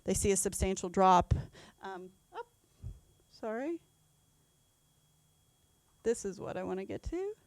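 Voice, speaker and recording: A woman's voice: medium pitch, sing-song, unhurried, long pauses, a little mellow, dry recording. A woman in her thirties, an HR leader presenting a conference talk with frequent ums and self-corrections. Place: event venue.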